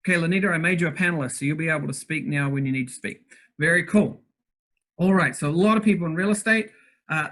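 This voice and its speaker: A man hosting an interactive online workshop from his bedroom over a video call, talking fast and upbeat and greeting participants by name. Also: on the high side, a bit bright. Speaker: workshop host. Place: bedroom at home.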